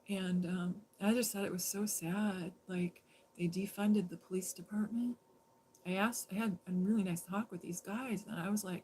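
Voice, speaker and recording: A woman's voice: mid-range voice, moderate pace, gravelly, slight background noise. Chatty woman telling a long story. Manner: animated, rambling, quotes others in dialogue. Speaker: livestream host. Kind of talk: casual storytelling monologue.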